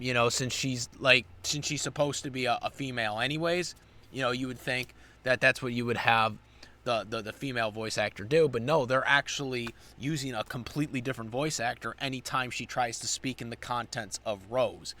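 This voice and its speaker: A man's voice: medium pitch, sharp tone. Rambling man recapping an episode. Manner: rambling, many fillers and restarts. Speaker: anime reviewer.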